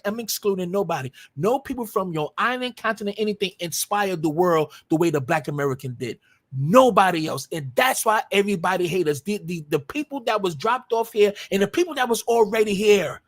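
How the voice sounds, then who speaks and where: A man's voice: high-pitched, lively intonation, a little fast, a bit bright. A man hosting a livestream and speaking in a heated, combative way. He swears freely and hammers his points home by repeating them. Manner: combative, profane, repetitive. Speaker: live stream host.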